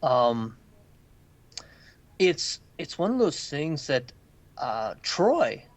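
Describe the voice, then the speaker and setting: A man's voice: fairly high pitch, sing-song, drawn-out words, no room sound. A man co-hosting a casual pop culture podcast, telling loose, profane stories and mimicking the people in them. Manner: loose, swearing storyteller who mimics people. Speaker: podcast co-host.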